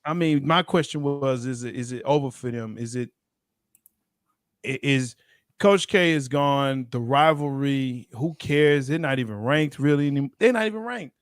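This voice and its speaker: A man hosting a casual sports chat on a video call, lively and quick to laugh. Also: medium pitch, smooth, no room sound, clean studio sound. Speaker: host.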